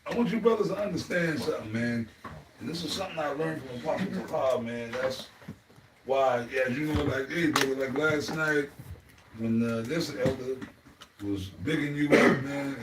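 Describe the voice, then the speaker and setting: A man's voice: medium pitch, normal speed. A man leading an informal spiritual group talk, rambling and emotional, often ending phrases with "man.". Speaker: elder in a religious group discussion. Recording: echoey room, distant mic, faint noise.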